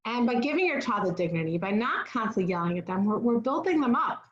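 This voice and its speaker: A woman with a fairly high voice gives parenting advice in an earnest, teaching manner, often checking in with her listeners. The sound is a little dull and echoes around the room. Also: very animated, fast talker. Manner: earnest and instructive, often asks "right?". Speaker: parenting speaker.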